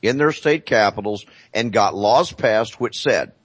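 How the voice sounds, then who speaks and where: A man speaking as a talk show guest, explaining deliberately and repeating phrases for emphasis. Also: lowish voice, animated, breathy edge, dry recording.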